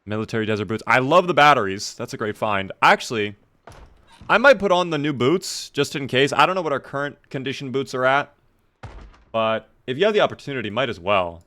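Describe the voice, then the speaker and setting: A man's voice: medium pitch, expressive, a little fast, bright, forceful tone. A man streaming a video game, chatting casually with his viewers and joking in a mock-formal way while talking around a sore in his mouth. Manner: chats with viewers by name. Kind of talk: casual gameplay commentary to live chat.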